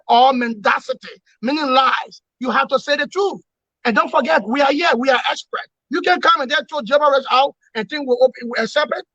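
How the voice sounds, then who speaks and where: A man giving forceful political analysis in an interview, emphatic and repetitive, lecturing his points. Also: very high voice, dry recording, muffled recording. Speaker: opposition commentator.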